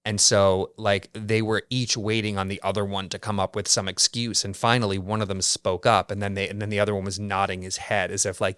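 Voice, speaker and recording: A man's voice: on the low side, fairly even intonation, fairly quick, few pauses, fairly bright tone, smooth, dry recording, studio quality. A man hosting his own podcast, telling a story in a chatty, wry way with lots of casual fillers. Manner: chatty and wry, heavy use of "like". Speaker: podcast host.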